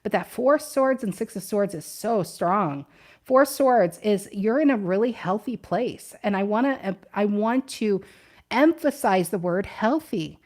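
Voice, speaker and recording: A woman's voice: mid-range voice, animated, measured pace, a little mellow. A woman doing a casual tarot reading, chatty and thinking aloud, often repeating her questions to the cards. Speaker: tarot reader.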